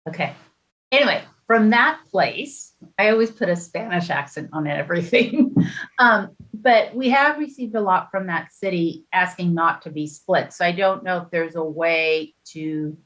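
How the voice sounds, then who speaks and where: A woman's voice: sits low, a bit bright, poor audio. A woman commissioner speaking in a public meeting, hesitant and apologetic. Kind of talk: meeting discussion.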